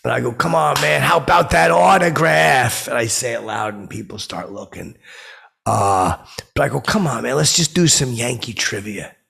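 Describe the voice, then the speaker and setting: A man playing a clueless, brash comic who rambles through stories with loud outbursts when he quotes himself. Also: fairly low pitch, normal speed, soft background music, exaggerated voice. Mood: rambling. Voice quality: gravelly, husky voice. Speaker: comedy podcast host in character. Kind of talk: rambling comic storytelling monologue.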